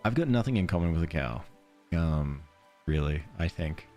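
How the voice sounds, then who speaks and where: With soft music in the background, an Australian man streams a game in a very deep, expressive, darkish voice at a moderate pace. His let's-play talk is casual and meandering, full of self-mockery and frequent chuckles, as he reads the chat aloud.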